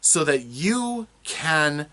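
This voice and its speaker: A man with a Midwestern American accent, a tabletop game tutor explaining voice technique in an animated, demonstrative way. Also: on the high side, extremely slow. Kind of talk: instructional talk to camera.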